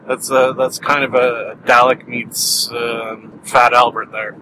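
Bright-voiced Canadian man rambling. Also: medium pitch, measured pace, slight background noise, rough recording. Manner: rambling, self-amused, laughs at own jokes. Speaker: podcast host. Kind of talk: solo rambling review chat.

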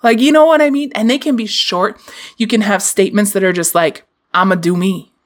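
A woman's voice: a little high, lively intonation, brisk. A woman hosting a podcast, giving a candid, casual motivational talk and swearing freely. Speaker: podcast host.

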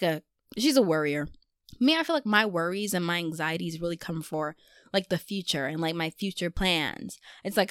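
Young woman, vlogger, casual confessional chat, animated, self-deprecating, dry close recording. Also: fairly low pitch, clean tone, no echo.

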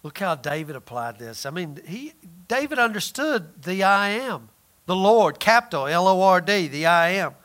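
Male pastor, sermon delivery, high and bright, big dynamic swings. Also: very animated, normal speed. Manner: preaching with swings from loud emphasis to near-whispered lines.

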